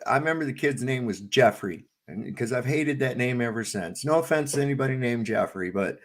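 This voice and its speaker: A middle-aged man co-hosting a casual podcast, telling stories in a blunt, profane, ranting way. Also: medium pitch. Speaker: podcast co-host. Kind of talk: casual profane storytelling chat.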